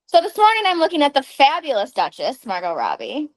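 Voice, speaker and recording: A woman in her thirties co-hosts a casual podcast, telling stories in an animated way. Her voice sits a little high, and she drops the odd swear word. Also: fairly quick. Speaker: podcast co-host. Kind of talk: casual chat.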